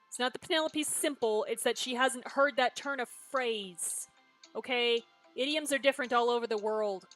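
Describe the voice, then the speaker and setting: A woman's voice: on the high side, normal speed, fairly bright tone. Give me a blunt, sarcastic woman commenting on a game, with faint music in the background. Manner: blunt, sarcastic, swears freely. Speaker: streamer.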